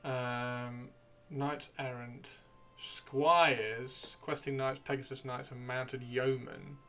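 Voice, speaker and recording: A man's voice: mid-range voice, level tone, slow pace, sharp tone, slight background noise. A man hosting a livestream, chatting casually and rambling to himself as he browses, with the odd swear. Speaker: livestream host. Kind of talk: casual chat while gaming.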